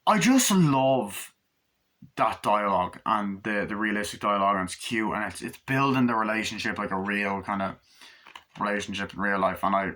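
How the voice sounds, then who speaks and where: Male vlogger, lowish pitch, bright forceful tone, breathless and rambling, casual profane movie-review delivery. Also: steady tone, brisk. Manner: rambling, profane, acts out scenes in loose paraphrase.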